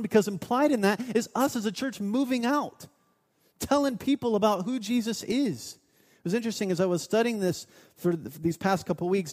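Pastor preaching in a reverberant hall. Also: male voice, high voice. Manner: storytelling, shifts between loud urging and hushed asides. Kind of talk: sermon.

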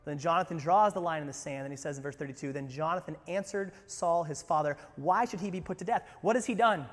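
A pastor preaching a sermon, animated and conversational, with humorous asides. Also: male voice, on the high side, fast talker, big-room sound.

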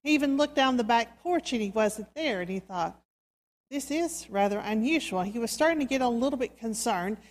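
A woman's voice: fairly high pitch, expressive. Woman preacher telling a sermon story. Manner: slow, soft, dramatic storytelling. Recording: reverberant hall.

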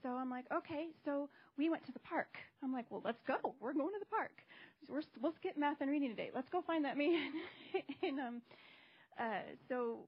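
A woman telling a personal testimony in a casual, animated way, acting out the voices she quotes. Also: sits high, normal speed. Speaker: church member sharing a testimony. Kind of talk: casual storytelling. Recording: dull lo-fi recording.

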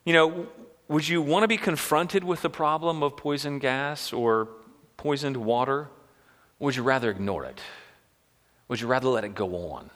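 A man's voice: medium pitch, moderate pace, a bit bright, big-room sound. A man preaching a sermon in a conversational way, asking the listeners one rhetorical question after another. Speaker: pastor.

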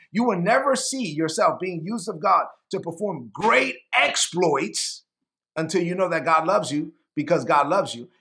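A man preaching a sermon as pastor, emphatic and repetitive, with a gravelly voice. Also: on the high side, a bit bright.

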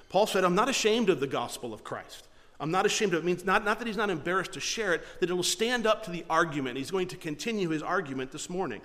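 A man's voice: on the high side, fairly bright tone, big-room sound. A man preaching a sermon as pastor, teaching earnestly with rhetorical questions and repeated words.

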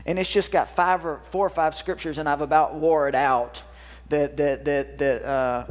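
A pastor preaching a sermon to his congregation, folksy and repetitive, calling for responses from the crowd. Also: on the high side. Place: church sanctuary. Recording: long reverb of a church hall.

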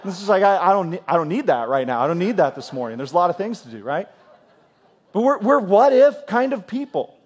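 A man's voice: high-pitched, big pitch swings, brisk, a little hiss or hum. A middle-aged man preaching a sermon in a church, conversational, often repeating words and asking the congregation questions. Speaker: pastor.

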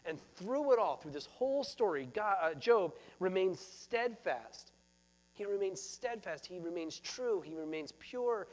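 A man's voice: high voice, expressive, a little slow. A man preaching a sermon as pastor, earnest and repeating phrases for emphasis.

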